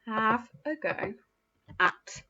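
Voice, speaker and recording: A woman teaching a phonics lesson to young children, encouraging and sing-song, sounding out letters slowly and praising often. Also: on the high side, animated, bright, forceful tone, highs cut off. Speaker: primary school teacher.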